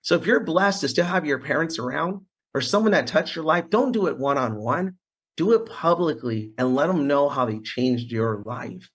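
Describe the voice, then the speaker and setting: A man with a husky, breathy voice that sits fairly high for a guy speaks as a podcast guest. He talks in an earnest, fired-up way and repeats phrases as he builds his point. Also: animated, moderate pace, fairly bright tone. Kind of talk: casual storytelling interview.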